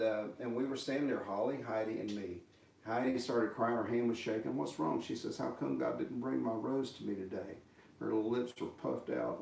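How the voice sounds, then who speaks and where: A middle-aged man tells a story in a folksy, halting way. He sits back from the mic, so the room echo comes through. A faint hum of ambience sits behind his voice. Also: fairly low pitch, darkish tone. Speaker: guitarist telling a story. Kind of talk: casual storytelling livestream. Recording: echoey, distant room sound.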